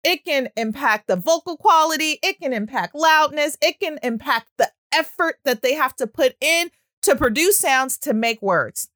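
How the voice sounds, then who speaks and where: A woman speech-language pathologist giving a casual, animated talk, with frequent fillers. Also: high voice, normal speed, dry recording, clean studio sound. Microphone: audio-only recording.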